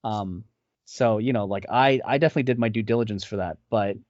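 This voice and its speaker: A man's voice: lowish voice, quick pace, darkish tone, no room sound. A male voice actor, a guest in a casual interview, talking in a rambling way with many fillers and restarts. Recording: dull lo-fi audio.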